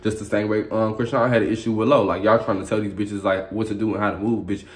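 Fast-talking, sassy, profane young man. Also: on the low side, level tone, slight background noise. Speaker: reality show reviewer. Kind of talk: casual commentary vlog.

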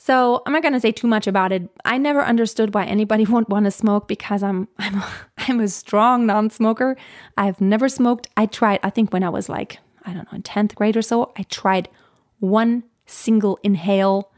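A woman's voice: medium pitch, normal speed. A woman vocal coach giving a casual teaching talk, chatty and laughing often as she restarts her sentences.

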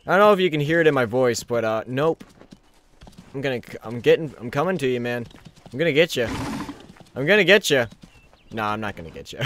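A young man talks over his gameplay at a desk mic, jokey and quick to shout at enemies. His pitch leaps around as he reacts. Faint music plays underneath. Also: lively intonation. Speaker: gameplay commentator. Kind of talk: let's play commentary.

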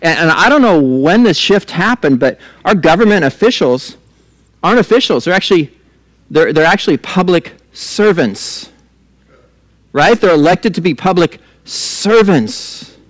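Middle-aged male pastor, casual preaching with laughing asides, somewhat high voice, dry close mic. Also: expressive, a little slow, dry recording. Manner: conversational, laughing asides, repeats words when restarting. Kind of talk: sermon.

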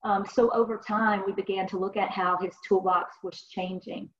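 A woman's voice: medium pitch, steady tone, moderate pace. A woman counselor giving an online presentation, sharing client stories in an earnest, conversational way with many fillers. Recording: dull lo-fi online call audio.

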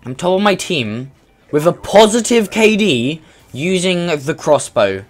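A young man giving casual commentary while playing an online shooter, excitable and breaking into sudden shouts. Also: high voice, unhurried. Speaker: gamer.

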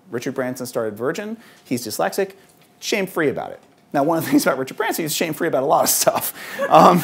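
A man giving a conversational public talk to an audience of parents, speaking in a lively way with frequent ums. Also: fairly high pitch, slightly rough. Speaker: author and speaker at a parents' event. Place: event hall.

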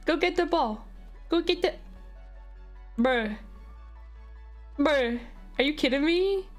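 A woman streaming a video game live, gushing and excitable as she chats with her viewers. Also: high voice, takes it slowly. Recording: faint background music.

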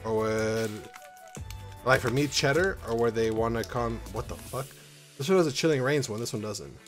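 A man vlogging as he opens trading card packs at home. He rambles, swears freely and now and then breaks into loud, excited whoops. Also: mid-range voice, normal speed, faint music behind. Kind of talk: casual rambling vlog. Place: at home in an apartment.

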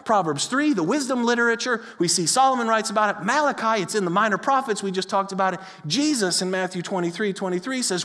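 A pastor preaches in a church, his voice high for a man and echoing with a long hall reverb. He tells stories animatedly, acting out the voices of the people in them. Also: fast talker, few pauses. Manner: animated storytelling, acts out quoted voices. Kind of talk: sermon. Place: church sanctuary.

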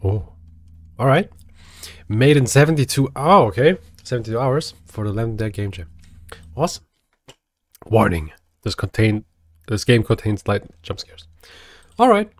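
A man's voice: mid-range voice, very animated, unhurried, long pauses, dry recording. A man giving casual let's-play commentary, chatting to the game and yelping when startled. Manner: chatty, talks to the game, jumpy yelps. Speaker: gaming video creator.

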